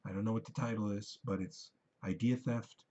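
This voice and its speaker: A man's voice: lowish voice, steady tone, moderate pace, mellow, lo-fi sound. A man ranting into the camera in a rambling, profane, heated monologue. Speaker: vlogger.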